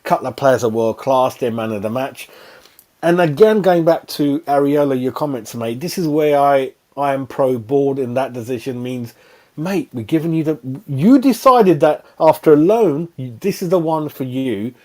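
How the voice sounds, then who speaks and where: A man's voice: mid-range voice, normal speed, dark tone. A man giving a heated, rambling fan reaction after a football match, repeating himself in exasperation. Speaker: fan channel pundit.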